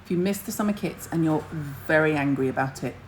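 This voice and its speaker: A middle-aged woman hosts a relaxed livestream, her voice sitting slightly low. She rambles cheerfully and bluntly, dropping casual swears as she hops between topics. A faint hum of background noise runs under her webcam audio. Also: fast, low-quality recording. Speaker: skincare livestream host. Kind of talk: casual livestream chat to viewers.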